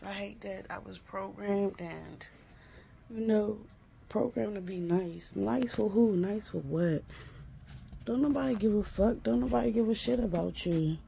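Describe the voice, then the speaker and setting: A woman's voice: medium pitch, unhurried, gravelly, dark tone, slight background noise. A woman in her forties venting to camera in a profane, exasperated rant, repeating herself. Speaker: vlogger.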